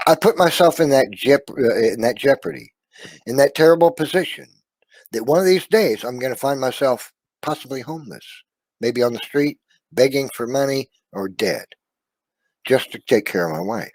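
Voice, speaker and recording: A man telling an emotional personal testimony, earnest and confiding, often trailing off softly and checking in with his listener. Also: medium pitch, lively intonation, normal speed, no room sound. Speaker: storyteller sharing a personal testimony.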